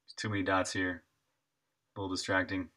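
A young man streams himself at his desk, chatting with viewers as he works. His voice is very bright and forward. He answers their questions in a loose, friendly way. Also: sits low, completely flat delivery, a little fast. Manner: chatty, answers chat questions while working. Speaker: indie game developer and streamer. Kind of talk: casual live-stream chat with viewers.

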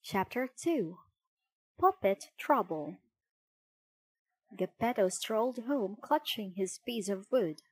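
A woman narrating a children's storybook in a clear, measured reading. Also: mid-range voice, animated, rough recording.

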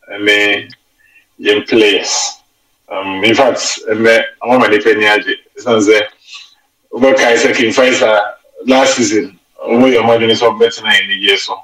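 A Ghanaian man talks through the game as a studio football pundit and slips between Twi and English as he goes. His voice is bright and forceful. It is recorded in an echoey radio studio, a little way off the mic. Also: lowish voice, distant mic. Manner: animated, mixes Twi and English mid-sentence. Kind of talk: studio sports discussion.

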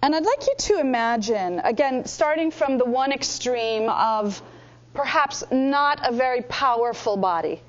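A woman acting teacher guiding a workshop in a measured way, with frequent ums. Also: high voice, animated, highs cut off. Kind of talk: workshop instruction.

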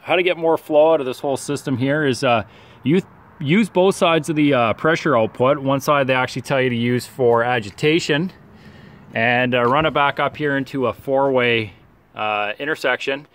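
A man getting over a cold, with a nasal voice, giving a casual outdoor how-to walkthrough of his sprayer and lawn, halting with many fillers. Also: mid-range voice, a bit bright. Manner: halting, many "uh" fillers, practical and matter-of-fact. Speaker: turf care professional vlogger. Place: outdoors in a yard and at the pump.

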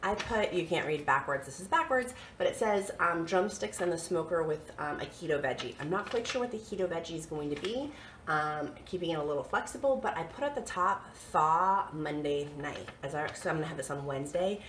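Chatty woman vlogging at home, lower voice, nasal with a cold, echoey room with noise behind her. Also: lively intonation, fairly quick, a bit bright. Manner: chatty, self-correcting, lots of ums. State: coming down with a cold. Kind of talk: casual home vlog walkthrough. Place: home kitchen and basement.

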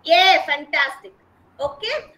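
A woman teaches a kindergarten class over a video call, high-pitched and crisp. She is patient and repeats each sound carefully for small children. The recording has a noticeable roomy echo. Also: very animated, slow, pushed and bright.

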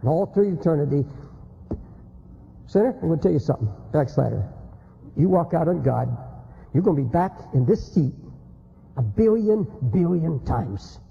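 Fiery, husky-voiced preacher in echoing hall. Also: male voice, fairly high pitch, lively intonation, brisk, long pauses, lo-fi sound. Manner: dramatic storytelling, swings from hushed to shouting. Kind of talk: fiery sermon. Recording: long hall reverb.

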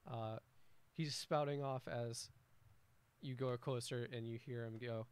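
A man's voice: mid-range voice, steady tone, darkish tone, smooth, dry recording. Man casually narrating a tabletop game. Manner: casual, halting, with many restarts and fillers. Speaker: game master.

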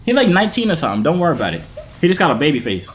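A man's voice: on the high side, wildly swooping pitch, very fast. A young man coaching his younger brother on a video chat app, teasing and laughing often. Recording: echoey room, faint noise.

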